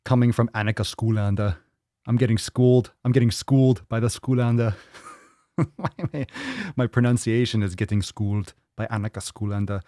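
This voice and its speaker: A man's voice: on the low side, fairly even intonation, normal speed, mellow, no echo, clean studio sound. A man hosting a casual fitness livestream, reading viewer comments aloud, joking, teasing and swearing freely as he plays with how names are said.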